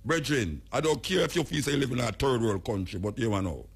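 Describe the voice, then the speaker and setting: A man's voice: medium pitch, lively intonation, brisk, gravelly, husky. A man from Jamaica with a Jamaican accent, hosting a radio talk show and speaking bluntly and emphatically while calling out officials by name. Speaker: radio host.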